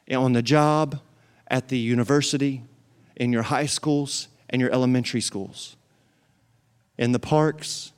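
In a church sanctuary, a male pastor preaches a sermon with a mid-range, slightly mellow, clear and resonant voice. His emphasis rises as he repeats phrases and calls on the congregation to respond.

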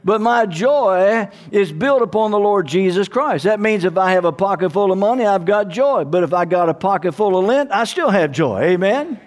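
A man's voice: high-pitched, lively intonation, moderate pace, hardly any pauses. A man preaching a sermon to his congregation, emphatic and calling out hallelujah and amen. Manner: calls out to the congregation for responses. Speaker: pastor.

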